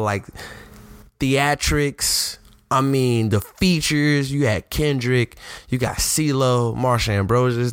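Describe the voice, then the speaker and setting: A man's voice: mid-range voice, clean tone, no echo, studio quality. A man co-hosting a podcast, talking casually and enthusiastically about rap albums in slangy speech. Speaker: podcast co-host. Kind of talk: casual hip-hop talk.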